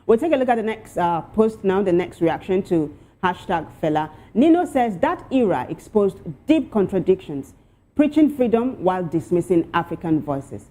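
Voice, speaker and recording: A woman's voice: mid-range voice, normal speed. Woman host reading posts aloud. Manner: lively, reads posts aloud with asides. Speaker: talk show host. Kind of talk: presenting and reading social media posts.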